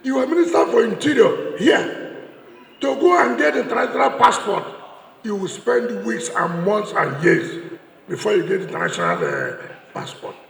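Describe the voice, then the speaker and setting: A man with a Nigerian English accent delivers a combative political speech in a large church hall, mocking his opponents and repeating lines for emphasis. His high voice is very animated and creaky at normal speed, with long reverb from the echoey hall and a little hiss or hum.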